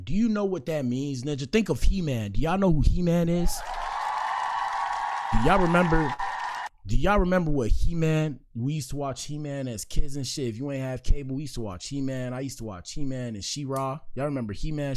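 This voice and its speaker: A man's voice: a little high, fairly quick, noisy background. Slangy young man streaming to his chat. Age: 20s. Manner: loose slangy banter addressing chat. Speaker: streamer reacting to clips. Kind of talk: casual chat to viewers.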